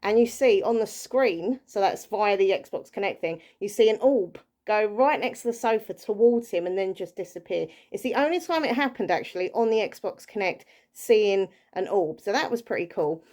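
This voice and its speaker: A woman talks casually to her vlog viewers in a voice of middling pitch. She rambles in an earnest, excitable way and fills her sentences with ums, likes and restarts. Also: normal speed, hardly any pauses. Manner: chatty and rambling, with many fillers and restarts. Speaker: paranormal vlogger.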